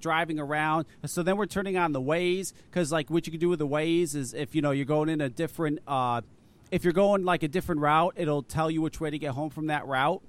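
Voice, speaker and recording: A man hosting a casual talk radio show, telling stories with lots of swearing and laughter. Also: on the high side. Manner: animated storyteller, swears a lot, laughs often. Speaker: host.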